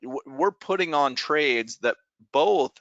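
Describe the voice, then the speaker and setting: A man co-hosting a trading show, calmly explaining options strategy. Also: fairly high pitch, slow pace, no echo, lo-fi sound. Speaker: co-host, trading instructor.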